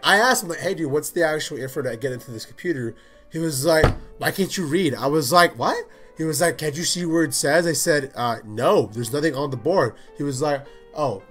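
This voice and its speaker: A young man hosting his own podcast, telling a story in a casual, animated rant, swearing freely and acting out what people said. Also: on the high side. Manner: animated, swears a lot, acts out quotes in voices. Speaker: podcast host.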